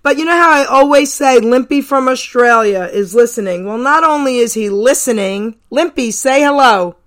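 A chatty woman from New Jersey hosting a radio talk show. She talks in a loose, animated way with her guests and callers. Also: a little high, moderate pace. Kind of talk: casual radio chat.

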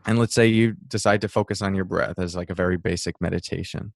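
A man who teaches mindfulness, talking through an interview answer in a relaxed, reflective way and acting out passing thoughts with small laughs. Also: sits low, fast talker, creaky, dry recording.

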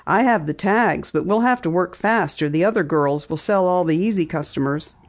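A woman's voice: on the low side, moderate pace, natural voice. A woman reading an audiobook, voicing a cheery teenage girl who fondly scolds her friend. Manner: cheery, indignant. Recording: dull lo-fi audiobook recording.

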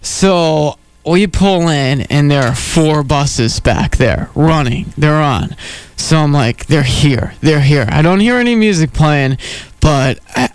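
A radio show regular spins a casual story in a clean, resonant voice that sits a little high for a man. He talks in a lively way and laughs often. The studio sound is dry and close. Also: smooth, no room sound. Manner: animated, laughs often while telling a story.

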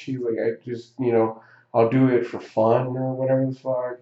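A man's voice: medium pitch, little pitch movement, moderate pace, echoey room, muffled recording. A man telling a story in a casual chat, rambling and swearing, with many fillers and restarts. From Southern California.

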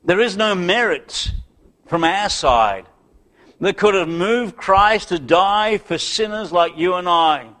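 A man's voice: high-pitched, expressive, slow. Emphatic preacher man, rising and falling. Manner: builds to loud emphatic peaks, then drops to hushed, soft closing prayer; old-fashioned biblical phrasing. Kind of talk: sermon.

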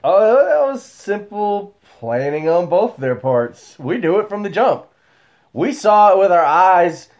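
A man's voice: sits high, big pitch swings, slow pace, a little mellow, muffled recording. A man hosting a casual chat, laid-back, echoing his guest and adding quoted reactions. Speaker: host.

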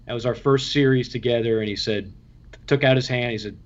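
A man, a baseball radio play-by-play broadcaster, telling anecdotes in an interview in a lively way, acting out the voices of others and often restarting his sentences. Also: medium pitch, a little fast, lo-fi sound. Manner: lively, acts out quoted voices, frequent restarts.

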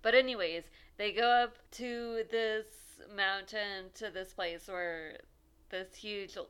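A woman's voice: medium pitch, fairly even intonation, slow, fairly bright tone, smooth. A woman co-hosting a podcast in casual chat, a chatty, rambling storyteller. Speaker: podcast co-host.

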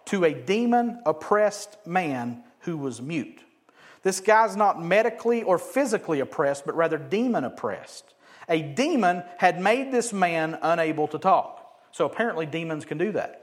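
Animated preaching man, lively pitch. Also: normal speed. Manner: animated, swings from loud emphatic bursts to quiet asides, jokes with the congregation. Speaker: pastor. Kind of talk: sermon.

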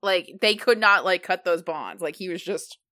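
Bright-voiced woman, chatty with lots of "like". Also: lowish voice. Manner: chatty, leans heavily on "like", quick asides. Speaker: podcast co-host. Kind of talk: casual chat.

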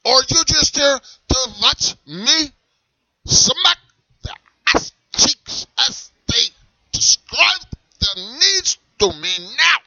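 A man voicing a strict, shouty German leather and whip seller with an eye patch, in a put-on German accent and a theatrical, menacing manner. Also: very high voice, very animated, slow pace, vocal fry, dry recording, dull audio, voice pushed up, exaggerated voice. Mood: barking, strict. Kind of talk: comedy sketch character.

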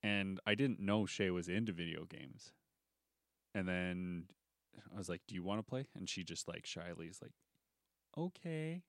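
Young male podcast co-host, low gravelly voice, loose joking delivery. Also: fairly even intonation, normal speed, dry recording, clean studio sound. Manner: joking, laughing, rambling. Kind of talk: casual chat.

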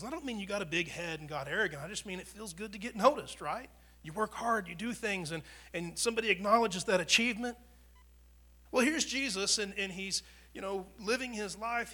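Preaching in a high male voice, a pastor from the United States keeps his sermon conversational. He moves between booming declarations and near whispers, frequently repeating himself and starting words over.

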